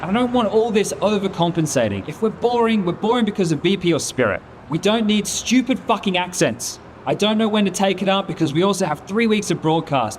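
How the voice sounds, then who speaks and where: A man with a somewhat high voice scolds a colleague angrily, with heavy swearing. It is a comedy skit played as a blunt dressing-down. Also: slight background noise. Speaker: esports caster.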